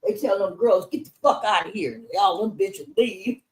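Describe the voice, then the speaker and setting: A woman's voice: medium pitch, expressive, moderate pace, darkish tone, low-quality recording. A middle-aged woman from Los Angeles telling her life story in a casual interview, cursing freely and acting out the voices of the people in it. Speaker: interview guest.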